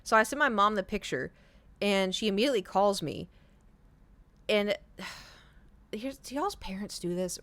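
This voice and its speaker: A woman's voice: mid-range voice, a bit bright, no room sound. A woman streamer casually telling a long story to her chat, rambling with many fillers and restarts.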